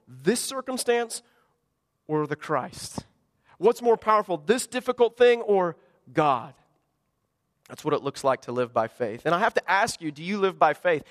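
A man's voice: sits high, big-room sound. A man preaching a sermon to his congregation, earnest and conversational, full of rhetorical questions. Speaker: pastor. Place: church service in a school gymnasium.

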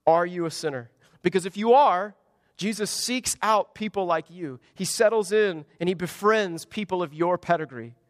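A man's voice: high-pitched, normal speed. A man preaching a sermon, emphatic, asking rhetorical questions and acting out the quotes he reads. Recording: dry close mic with long hall reverb.

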